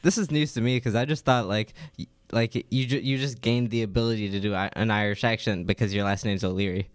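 A man's voice: on the low side, fairly even intonation, fast, smooth, no room sound. A man co-hosting a casual comedy podcast who speaks hesitantly with many fillers and drops dry remarks. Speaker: podcast co-host.

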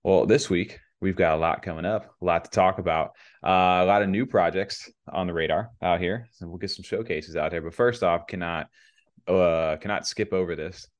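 A man's voice: low voice, fairly even intonation, moderate pace. A man co-hosting a podcast in a casual, rambling way, with many fillers. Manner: rambling, laid-back, many fillers and laughs. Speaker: podcast co-host.

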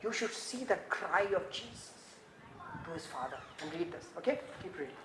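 A woman preaching a sermon, swinging dramatically from hushed tones to shouting. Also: lowish voice, expressive, moderate pace. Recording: echoey room, faint ambient noise.

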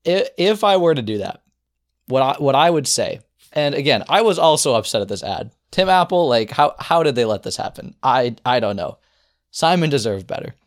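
A man co-hosting a podcast in casual chat, relaxed and mock-defensive, chuckling often. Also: mid-range voice, moderate pace. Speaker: podcast co-host.

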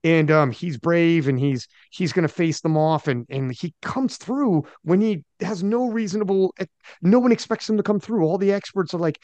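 A man hosts a podcast in loose, animated talk full of slang and quick impressions of others. His voice sits a little high. The sound is close and dry. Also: no room sound, dull audio. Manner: animated, slangy, mimics people he talks about. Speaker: podcast host. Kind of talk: casual podcast chat.

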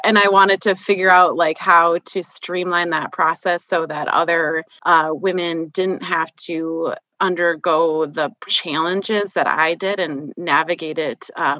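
A woman's voice: lowish voice, bright, forceful tone, dry recording. A woman in her thirties with a Minnesota accent, chatting candidly as a podcast guest and often using "like" as a filler. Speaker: guest, financial planner. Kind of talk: casual podcast conversation. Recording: dull lo-fi remote audio.

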